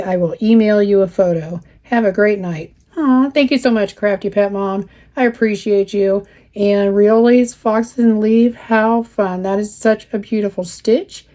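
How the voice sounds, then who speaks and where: A craft channel host in her fifties chats warmly through viewer comments while stitching in a casual vlog. Her mid-range voice is mellow and slightly worn, and she laughs easily between thoughts.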